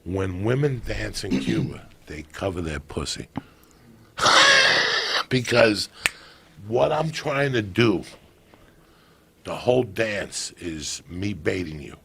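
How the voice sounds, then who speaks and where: Gravelly, raspy man in his fifties. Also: lowish voice, slow pace, pauses often. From Cuban family. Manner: profane, animated storyteller. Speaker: podcast guest. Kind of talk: casual storytelling.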